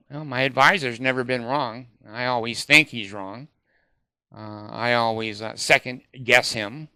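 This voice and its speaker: A man's voice: medium pitch, measured pace, sharp tone, clear, resonant tone, no room sound, clean studio sound. A man vlogging in a rambling, hesitant way, full of fillers and casual swearing.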